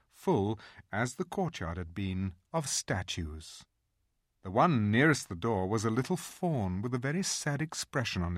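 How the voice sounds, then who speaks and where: A storyteller reading a children's fantasy book aloud, slow and dramatic. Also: mid-range voice, no echo, studio quality.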